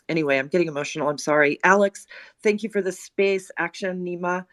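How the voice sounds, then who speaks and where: A woman speaking earnestly and emotionally in an audio chat room, halting with many pauses and fillers. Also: fairly low pitch, no echo. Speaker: guest speaker.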